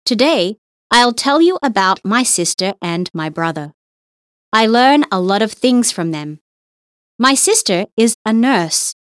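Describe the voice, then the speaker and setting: Slow, careful woman exam reader. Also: a little high, lively intonation, no room sound, clean studio sound. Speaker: English listening-test reader. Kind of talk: scripted exam reading.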